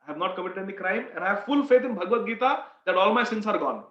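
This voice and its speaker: A man voicing a calm, sincere male devotee and former thief who speaks earnestly and plainly, in a retold devotional story. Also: sits high, fast talker, reverberant, far from the mic, highs cut off.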